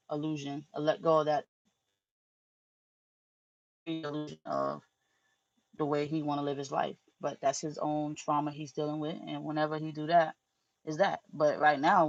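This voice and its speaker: Profane, animated woman spiritual vlogger. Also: sits low, no room sound, lo-fi sound. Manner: loose, profane, animated storytelling. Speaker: spiritual teacher. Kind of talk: casual spiritual monologue.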